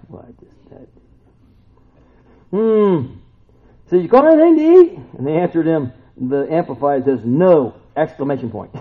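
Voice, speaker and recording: A man teaching the Bible in a relaxed, conversational way, folksy and animated, often turning to ask his listeners questions. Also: medium pitch. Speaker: preacher. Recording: tinny phone-like sound.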